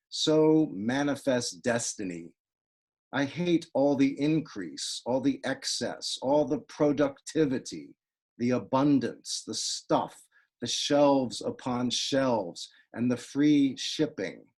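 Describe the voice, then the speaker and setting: A man reading his own poems aloud over a video call, with a dry, wry deadpan delivery. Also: medium pitch. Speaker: poet reading his work.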